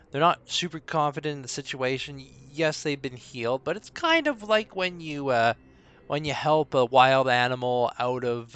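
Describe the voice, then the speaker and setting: A man's voice: mid-range voice, fairly bright tone, smooth. A man narrating a tabletop game as game master on a live stream, rambling, with many fillers and restarts.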